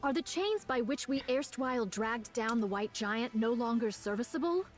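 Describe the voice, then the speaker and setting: Brief: a woman playing a fairly high-voiced noble lady in a game story, stately and archaic, soft music behind. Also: animated, normal speed, lightly acted. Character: old-fashioned noble woman speaking archaic English. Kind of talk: reading a game story aloud.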